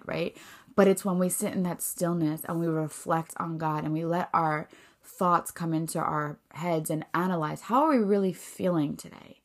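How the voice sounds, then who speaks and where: Woman, low voice, podcast host, rambling faith-based chat, lots of fillers. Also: steady tone, normal speed. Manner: rambling, filler-heavy, earnest. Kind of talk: casual faith-based reflection.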